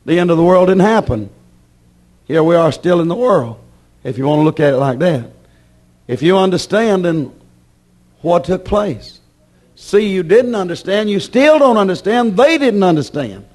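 A man preaching a sermon with passion, acting out his listeners' objections and swinging between loud declarations and hushed warnings. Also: sits high, expressive, measured pace. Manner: voices imagined objections from the congregation.

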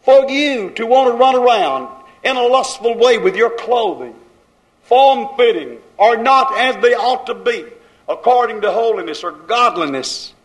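Man, high-pitched, fiery scolding sermon, repetitive preaching cadence. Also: expressive, a little slow, rough recording. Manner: scolding, rhythmic repetition, folksy grammar.

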